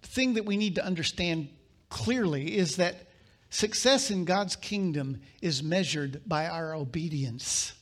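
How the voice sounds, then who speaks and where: His voice is high-pitched and a bit bright as this male preacher reads scripture in a sermon. He holds dramatic pauses, then hits words with sudden force.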